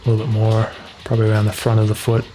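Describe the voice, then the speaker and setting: A man casually talking through his drawing on a livestream, rambling and relaxed, with lots of "like" fillers. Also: fairly low pitch, rapid-fire, a little hiss or hum. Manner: rambling, relaxed, heavy use of "like". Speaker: artist streaming his work. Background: faint background music.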